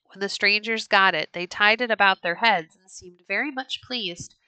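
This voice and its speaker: A woman reads a children's storybook aloud in a measured, expressive way, her medium-pitched voice bright and clear. The recording is close and dry, with no echo or room sound.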